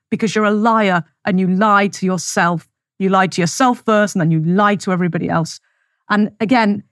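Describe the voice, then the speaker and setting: A woman's voice: medium pitch, no room sound, clean studio sound. A woman hosting a solo podcast, ranting indignantly and sarcastically with many rhetorical questions. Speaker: podcast host.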